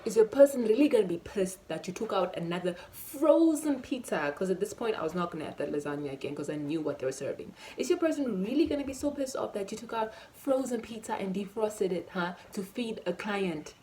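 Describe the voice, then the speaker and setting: A woman, telling a storytime vlog story in an animated, emphatic way and acting out the dialogue. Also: medium pitch, fairly quick, hardly any pauses, slight background noise. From Namibia. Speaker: vlogger.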